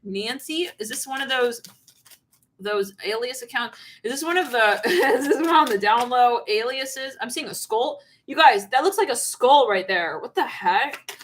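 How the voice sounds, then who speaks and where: A woman's voice: on the high side, animated, unhurried, slight background noise. A woman giving a channeled tarot reading on a livestream, rambling and laughing often. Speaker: tarot reader.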